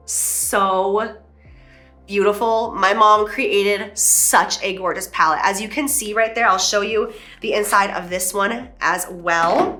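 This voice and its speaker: A woman in her thirties talks through a beauty collection with a casual, gushing delivery. Her voice is bright and forward, and she leans hard on emphasis as she goes. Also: mid-range voice. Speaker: beauty vlogger and brand owner. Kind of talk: casual product presentation.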